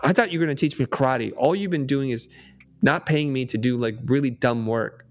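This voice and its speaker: A man's voice: mid-range voice, quick pace, creaky. A man voicing a desperate, impatient teenage boy who pleads with a whiny voice. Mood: frustrated.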